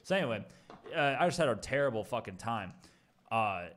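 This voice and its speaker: A young man with a fairly low voice tells a rambling story in loose, casual chat. He swears often, restarts his sentences and laughs at his own misadventure. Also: expressive, moderate pace, fairly bright tone. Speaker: streamer telling a story.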